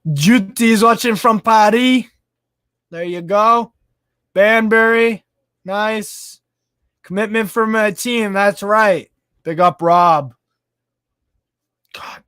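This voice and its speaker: A man with a somewhat high voice hosts a casual live stream, chatting excitably as he reads out viewer comments. He swears casually and laughs often. The sound is dry, with no room echo. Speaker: live stream host reading fan chat.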